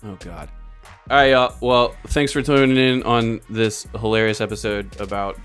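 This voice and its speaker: A man's voice: on the low side, moderate pace, fairly bright tone, soft background music. A man in his late twenties hosting a casual podcast chat, laid-back and trailing off at times. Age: 20s. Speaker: podcast host.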